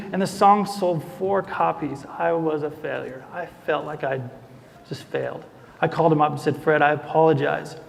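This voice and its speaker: Gravelly young man telling a story in a hall. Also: a little high. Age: young adult. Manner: animated, acts out quoted voices. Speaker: speaker. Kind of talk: storytelling talk. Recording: long hall reverb.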